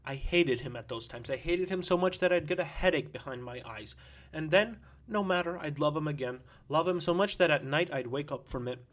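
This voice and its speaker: A rambling, boisterous drunken woman spills out her messy tale, read by a man in an audiobook. The voice sits fairly high for a man and tumbles on without pause. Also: a bit bright, lightly acted. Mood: brash. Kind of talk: audiobook reading.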